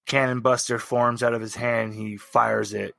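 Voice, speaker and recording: A man's voice: medium pitch, little pitch movement, normal speed, gravelly, a bit bright, no echo. A man narrating as game master in a tabletop role-playing game, describing action plainly.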